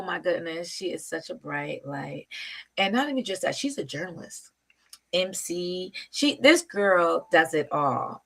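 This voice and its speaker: Gushing bright-voiced woman host. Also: lowish voice, creaky, husky. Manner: gushing, exclaiming and laughing. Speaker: show host. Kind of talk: casual live interview. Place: outdoors in wind.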